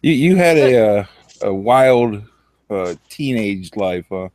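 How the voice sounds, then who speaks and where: Wry man with a lowish voice. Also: expressive, takes it slowly, a little mellow, dry recording. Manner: wry, teasing interjections. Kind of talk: casual chat.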